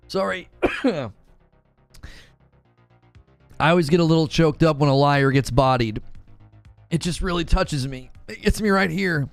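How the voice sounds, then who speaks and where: A man's voice: fairly high pitch, vocal fry. A man hosting a live gaming news stream, chatting casually and reading out chat messages. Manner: casual, talks to chat, thanks donors excitedly.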